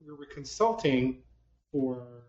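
A man's voice: mid-range voice, animated, takes it slowly, darkish tone, a little hiss or hum. A man, a psychologist, giving a conversational talk to a live audience with self-deprecating humor and many restarts, recorded in a hall. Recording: roomy, distant, dull lo-fi hall sound.

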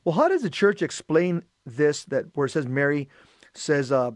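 A man's voice: on the high side, sing-song, moderate pace, no room sound. A man hosting a show, earnestly reading and explaining scripture in a teaching manner. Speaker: host.

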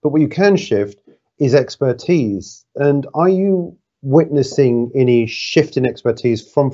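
Brief: male business interviewer, mellow tone, probing but chatty, dull recording. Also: mid-range voice. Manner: probing, conversational, hesitant fillers.

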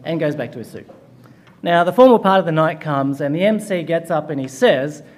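A man preaching at a chapel service, his voice sitting a little higher than most men's. He opens with a humorous story, then moves into a sermon. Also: moderate pace.

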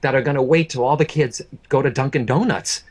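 Speaking at a slightly quick pace in a medium pitch, a man who is a medium earnestly shares an emotional story from his own life. He often repeats himself and addresses the listener head-on.

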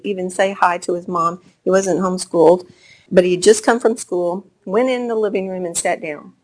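A woman presenting to homeschooling parents, explaining child brain development and telling stories that she acts out. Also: mid-range voice. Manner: warm storytelling with acted-out quotes. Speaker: speaker on gifted children's development.

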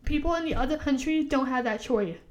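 A woman's voice: high-pitched, a little fast. A woman from the United States co-hosting a casual podcast, talking earnestly and with emphasis, with frequent "like" and "you know" fillers. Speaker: podcast co-host.

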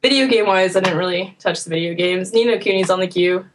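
A woman's voice: lowish voice, quick pace, a little hiss or hum. A woman from the United States co-hosting a podcast in casual chat, chatty and laughing often. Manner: chatty, laughs often, quotes people in lively voices. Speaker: podcast co-host.

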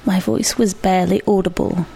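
A woman reading a short story aloud, measured and reflective. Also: mid-range voice, steady tone, gravelly, dark tone, slightly rough. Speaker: narrator.

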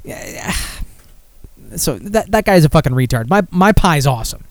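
A man hosting a podcast, rambling and talking bluntly with plenty of swearing in a slightly high voice. The sound is close and dry, with no room echo. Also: big pitch swings, normal speed. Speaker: podcast host. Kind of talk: casual chat.

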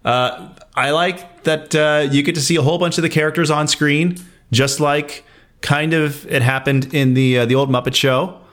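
A man co-hosting a podcast in casual, animated chat, laughing often. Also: moderate pace. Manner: animated, laughs often, rises in pitch when excited. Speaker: podcast co-host.

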